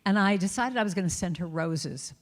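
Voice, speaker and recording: A woman giving a storytelling talk to a congregation, lively and self-mocking, acting out her inner critic's voice. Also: fairly low pitch, fairly quick. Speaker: guest speaker. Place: large reverberant church hall. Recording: long hall reverb.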